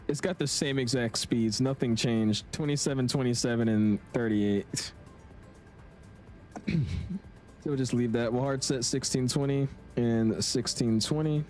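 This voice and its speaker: A young man casually commentating his flight simulator live stream, chatting with viewers in a relaxed, slangy way. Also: mid-range voice. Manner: laid-back, chatty, slangy, reads chat aloud.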